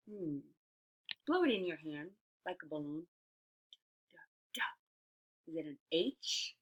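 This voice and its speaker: A woman teacher giving a phonics lesson to young children, sounding out letters slowly and praising often. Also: low voice, big pitch swings. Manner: slow, stretched-out letter sounds, encouraging. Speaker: early-years teacher.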